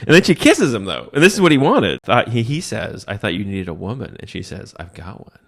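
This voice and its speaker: A middle-aged man, a comedian hosting a podcast, recapping a movie with animated delivery and laughing at his own jokes as he acts out the characters' lines. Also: on the low side, a little fast, vocal fry.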